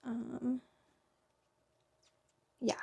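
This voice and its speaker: A woman's voice: on the high side, completely flat delivery, very slow, vocal fry, dark tone, slightly rough. A woman beauty vlogger in casual get-ready-with-me chat, rambling with lots of fillers while she does her makeup. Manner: rambling, filler-heavy, chatty.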